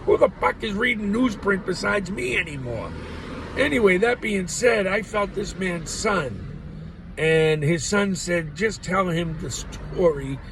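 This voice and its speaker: A man's voice: sits high, expressive, measured pace, background noise. A man rambling through a profane, laugh-filled monologue as a vlogger. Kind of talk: ranting monologue.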